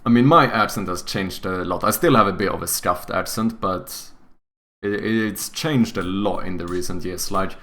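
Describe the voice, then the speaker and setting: A man's voice: low voice, normal speed, a bit bright. A man with a Swedish-tinged British English accent, casually chatting with his live-stream audience and laughing often. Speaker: game developer streamer.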